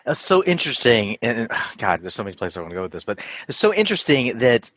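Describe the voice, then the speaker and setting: A man hosts a podcast interview, thinking aloud and halting as he goes. His voice sits at an ordinary pitch. The recording is dry and close. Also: very animated, a bit bright, no echo. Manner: reflective, hesitant, many fillers. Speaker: podcast host. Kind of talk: interview conversation.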